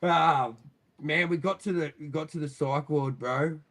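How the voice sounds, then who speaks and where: A man's voice: fairly high pitch, unhurried, fairly bright tone. An Australian man, a podcast guest telling a long story in casual, rambling fashion, full of swearing and frequent laughter. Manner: profane, rambling, laughs often.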